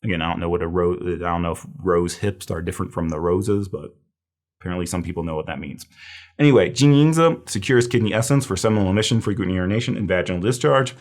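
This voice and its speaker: Guy with a deep voice going over herbs for students, chatty and loose, lots of ums. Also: quick pace, darkish tone. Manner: casual, thinking aloud with fillers and repeats. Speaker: herbal medicine lecturer. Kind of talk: recorded review lecture.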